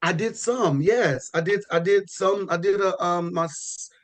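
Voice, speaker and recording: A man talking as a podcast guest in a relaxed, rambling way, often restarting his sentences. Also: high voice, measured pace. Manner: relaxed, rambling with frequent restarts and "you know". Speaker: podcast guest, pro bodybuilder. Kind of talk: casual podcast chat.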